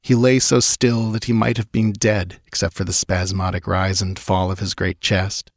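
A man narrating an adventure audiobook in a measured, dramatic way. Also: low voice, flat delivery, no echo, studio quality. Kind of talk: scripted narration.

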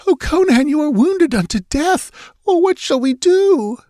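A man voicing a terrified young woman, pleading in a high falsetto. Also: steady tone, brisk, a little mellow, no echo, studio quality. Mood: frantic.

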